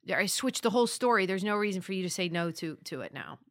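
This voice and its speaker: A woman from Las Vegas, an actor and comedian, chatting as a podcast guest in a bubbly, excitable way and laughing often. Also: mid-range voice, fast, dry recording, studio quality. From Las Vegas, United States. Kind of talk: casual podcast chat.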